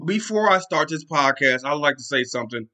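A man hosting his own podcast in casual sports talk, excited and rambling, often restarting his sentences. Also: a little high, a little fast. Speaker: podcast host.

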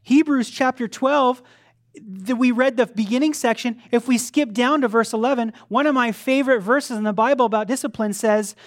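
Fervent male preacher, rising and falling. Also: very high-pitched. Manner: swings between loud fervent preaching and soft conversational asides; acts out quoted voices of his children playfully. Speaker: pastor. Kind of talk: sermon.

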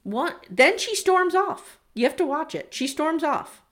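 A woman's voice: high-pitched, a little slow. A woman co-hosting a podcast, recapping a reality show in casual, sarcastic chat and acting out the quotes. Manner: animated, sarcastic, acts out quotes. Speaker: podcast co-host.

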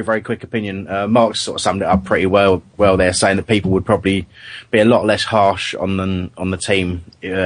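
A man hosting a relaxed football chat show, talking in a lowish voice with plenty of "um"s and false starts. His mic sounds dry and close, with no room around it. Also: no echo. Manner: hesitant, chatty, many restarts. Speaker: podcast host. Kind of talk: casual football podcast chat.

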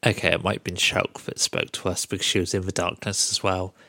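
A man's voice: sits low, flat delivery, a little fast, creaky, sharp tone. A man hosting a podcast, recapping a video game in a casual, sarcastic way and swearing freely. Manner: sarcastic, swears freely, mocks the game's characters. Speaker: podcast host.

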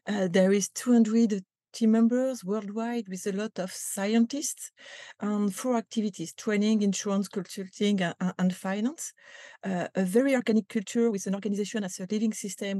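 A woman's voice: medium pitch, warm tone, no echo. A woman with a French accent, a podcast guest speaking thoughtfully, with many fillers and repeated words. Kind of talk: podcast interview.

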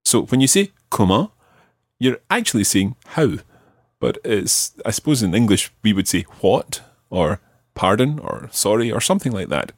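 A husky-voiced man hosting a podcast language lesson, his pitch sitting low but moving a lot as he prompts his learner with patient questions. The sound is dry and close, with no room around it. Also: sing-song, normal speed, no echo. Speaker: language teacher and podcast host.

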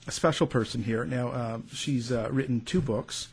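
A man with a Canadian accent hosts a relaxed interview, circling his points with fillers and asides. His voice has a husky, slightly breathy grain. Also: mid-range voice. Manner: rambling, filler-heavy, quick to laugh. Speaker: show host. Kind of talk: casual interview chat.

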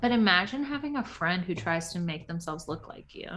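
A young woman co-hosting a casual chat about reality TV, talking fast and laughing often. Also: fairly low pitch, lively intonation, a bit bright, slight background noise. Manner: chatty, laughing, quoting people in mock voices. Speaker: podcast co-host.

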